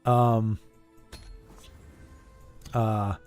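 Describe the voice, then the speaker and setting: A man's voice: on the low side, flat delivery, extremely slow, darkish tone, clean tone, soft background music. A man chatting casually on a live game stream, rambling, joking and correcting himself as he goes.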